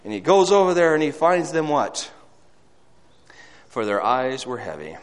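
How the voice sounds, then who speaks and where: A man's voice: mid-range voice, very animated, a little slow, big-room sound. A man preaching a sermon with dramatic delivery, acting out quoted words and asking the congregation rhetorical questions.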